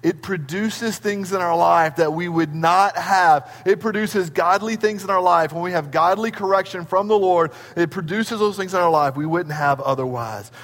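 A middle-aged man preaching a sermon as a pastor, telling stories in an animated way. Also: moderate pace, few pauses. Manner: animated storytelling, acting out his children in high squeals. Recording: long hall reverb.

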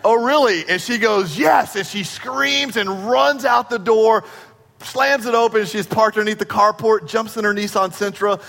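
Pastor, male, high voice, storytelling sermon delivery, long church reverb. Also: moderate pace, creaky. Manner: storytelling, acts out dialogue with shifts in pace and loudness.

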